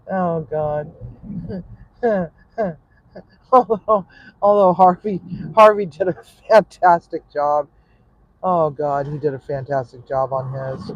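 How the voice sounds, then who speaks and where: Guy rambling slow in his car, chuckling, muttering, kinda high voice, muffled lo-fi sound. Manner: chatty, laughs often, muttering asides. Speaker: cook and vlogger. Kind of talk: casual rambling monologue while driving. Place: car in traffic.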